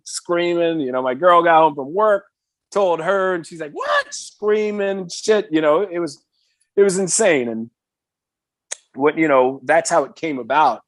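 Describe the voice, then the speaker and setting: A man in his fifties from the Bay Area, a metal singer telling a story as a podcast guest, excitable, swearing freely and full of "you know". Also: a little high, dry recording, clean studio sound. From San Francisco Bay Area. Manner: animated, excitable, swears freely, heavy filler words. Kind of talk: casual storytelling in conversation.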